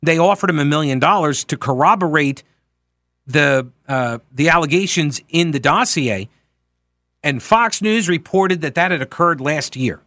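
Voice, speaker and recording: A man's voice: on the high side, normal speed, sharp tone, dry recording, clean studio sound. Emphatic talk radio host, man. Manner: emphatic, conversational, self-correcting. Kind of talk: political talk radio monologue.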